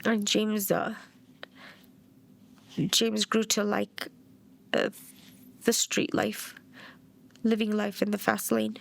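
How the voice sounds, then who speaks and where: A woman's voice: medium pitch, flat delivery, slow, vocal fry, long pauses. A middle-aged woman from New Mexico, a bereaved mother giving documentary interview testimony in a plainspoken way and acting out past dialogue.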